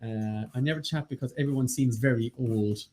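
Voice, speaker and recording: On a live online quiz stream, an Irish co-host banters casually, teasing his partner and announcing upcoming events. His mid-range voice is a little mellow and fairly quick.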